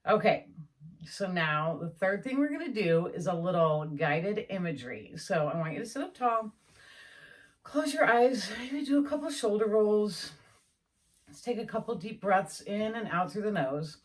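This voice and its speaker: A woman life coach leading a guided imagery meditation, soothing and encouraging, bursting into excited affirmations. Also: mid-range voice, moderate pace.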